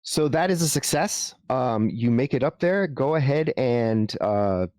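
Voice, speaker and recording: A man running a tabletop game as game master, explaining rules in a halting way with frequent restarts. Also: mid-range voice, lively intonation, darkish tone, clear, resonant tone, no room sound, clean studio sound.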